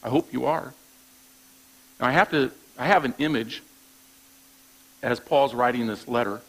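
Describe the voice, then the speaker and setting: Male pastor, gravelly mid-pitched voice, plainspoken conversational sermon delivery. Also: unhurried, rough recording. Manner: conversational preaching with frequent "all right?" check-ins; repeats words when restarting thoughts.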